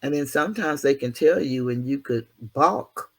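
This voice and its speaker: A man's voice: medium pitch, moderate pace. Male vlog host, motivational monologue; preachy, down-to-earth, self-mocking. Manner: preachy, earthy, self-deprecating, mild cursing. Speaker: channel host.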